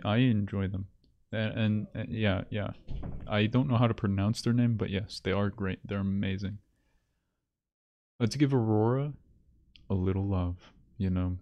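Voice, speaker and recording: A man's voice: fairly low pitch, lo-fi sound. A man streaming live, chatting casually and rambling between bursts of laughter and mock self-pity. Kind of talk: casual livestream chat.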